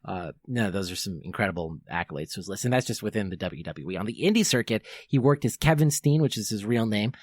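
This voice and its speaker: A man's voice: lowish voice, animated, fast talker, few pauses, darkish tone, no room sound, studio quality. A young man hosting a podcast, giving an enthusiastic fan's countdown commentary that rambles with fillers and self-corrections. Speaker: podcast host.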